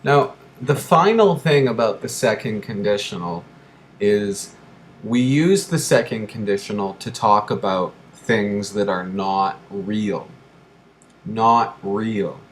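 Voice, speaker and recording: A man teaching an English grammar lesson, speaking slowly and deliberately and repeating key phrases for learners. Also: lowish voice, expressive, slight background noise.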